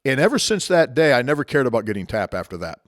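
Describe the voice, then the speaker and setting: A man's voice: medium pitch, big pitch swings, fast, dry recording, studio quality. Reflective man telling a personal story. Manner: conversational and reflective, frequent restarts. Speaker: martial arts speaker. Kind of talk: motivational storytelling talk.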